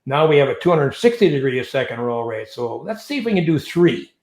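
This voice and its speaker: A man's voice: mid-range voice, a little fast. Older man telling stories in a roomy space. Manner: animated storyteller who acts out voices and sounds. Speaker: interview guest, retired navy pilot. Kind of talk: storytelling in an interview.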